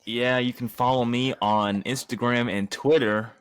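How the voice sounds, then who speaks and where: A man co-hosting a casual sports podcast, speaking in a measured, thoughtful way. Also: mid-range voice, fairly even intonation, clean tone, dry recording. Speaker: podcast co-host.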